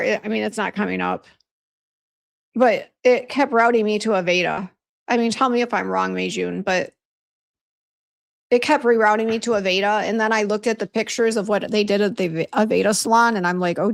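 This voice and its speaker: This woman speaks at a moderate pace in a gravelly, mid-range voice with a steady tone. Hosting a casual beauty livestream for a brand, she chats, vents, and reads viewers' comments out loud.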